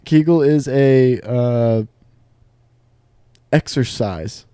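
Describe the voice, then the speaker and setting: A man's voice: medium pitch, drawn-out words, warm tone, clean tone, no echo, studio quality. A young man co-hosting a podcast, teasing his friend with crude jokes and giggling as he pushes them further. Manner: teasing, giggly, keeps pushing the joke. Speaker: podcast co-host. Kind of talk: casual crude banter.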